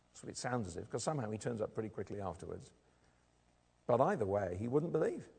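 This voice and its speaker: A man's voice: on the low side, creaky, slightly rough. A man preaching a sermon in a church, talking conversationally and putting rhetorical questions to the congregation. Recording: long reverb of a large hall.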